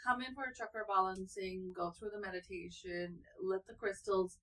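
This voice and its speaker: On a casual podcast, this co-host and energy healer sounds earnest and affirming, her medium, slightly bright voice fairly even at a normal pace. The recording quality is low.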